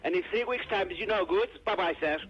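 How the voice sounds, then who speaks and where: A man's voice: high voice, fast, breathy edge, soft background music. Greek-accented man on a muffled phone line. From Greece. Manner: broken English, polite. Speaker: caller. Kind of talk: phone-in chat.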